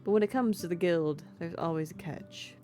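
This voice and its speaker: A woman's voice: lowish voice, moderate pace, dark tone, soft background music, lightly acted. A woman putting on a posh, aloof mayor with a British accent. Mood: guarded. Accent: put-on British. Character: cool, polite upper-class woman mayor. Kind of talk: reading game dialogue aloud.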